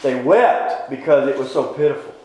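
A man's voice: mid-range voice, normal speed, warm tone. A man teaching a Bible class, folksy and informal, quizzing his listeners with repeated questions. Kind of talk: interactive Bible class lecture. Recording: very echoey room.

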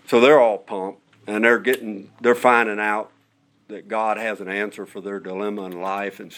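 A middle-aged man, a director of prison chaplains, telling a story in a folksy, conversational way and acting out the voices of the people he quotes. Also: lowish voice. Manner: animated, acts out quoted voices. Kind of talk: storytelling testimony.

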